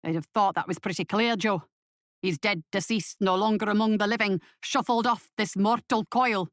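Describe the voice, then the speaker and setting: A woman's voice: mid-range voice, steady tone, moderate pace, fairly bright tone, dry recording, clean studio sound, natural voice. A woman voicing a blunt, wary Scottish man who talks in a sardonic way.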